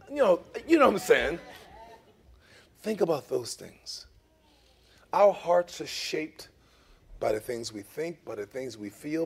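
A middle-aged man preaching a sermon, emphatic, swinging between loud emphasis and soft asides, often checking in with "okay?" and "amen?". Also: a little high, husky. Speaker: pastor.

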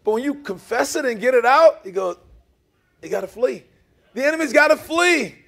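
A middle-aged man preaching a sermon, emphatic, swinging between loud emphasis and soft asides, often checking in with "okay?" and "amen?". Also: very high-pitched, animated, fairly quick, creaky. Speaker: pastor.

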